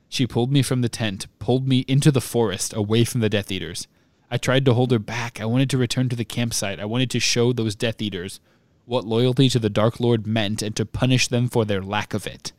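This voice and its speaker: A man reading aloud in a flat monotone as a young male dark wizard confessing. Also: medium pitch, dry recording, natural voice.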